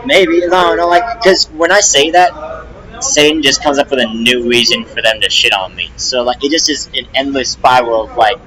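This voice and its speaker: A man's voice: medium pitch, moderate pace, pushed and bright, poor audio. A young man, a rapper, venting on a casual live stream, rambling and agitated, full of restarts and swearing.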